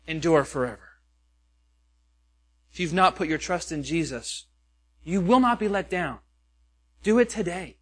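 A man's voice: high voice, animated, measured pace, pauses often, a bit bright, slightly rough. A pastor preaching a sermon, earnest and questioning, with many rhetorical questions to his listeners.

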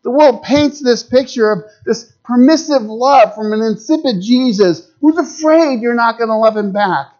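A middle-aged man preaching a sermon dramatically, rising to urgent peaks and dropping to hushed lows. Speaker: pastor. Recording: dull lo-fi sound.

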